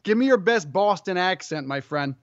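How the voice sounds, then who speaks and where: A man's voice: high voice, lively intonation, normal speed, no room sound, lo-fi sound. A man hosting a sports talk show, introducing his guest and asking upbeat questions. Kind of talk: hosting an interview.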